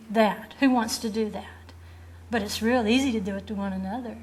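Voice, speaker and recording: A woman's voice: fairly high pitch, slight background noise. A woman Bible teacher preaching a sermon in an earnest, direct way, asking rhetorical questions and acting out quoted lines. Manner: acts out quoted voices of children and rebels.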